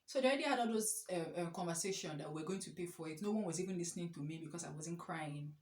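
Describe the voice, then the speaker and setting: A young woman telling an animated, exclamatory storytime story. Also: fairly low pitch, quick pace. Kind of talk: casual storytime. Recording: echoey room.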